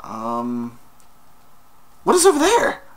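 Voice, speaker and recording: A man's voice: mid-range voice, huge pitch swings, slow pace. A young man giving casual commentary as he plays a game, talking playfully to the creatures on screen and breaking into sudden outbursts. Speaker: gaming YouTuber.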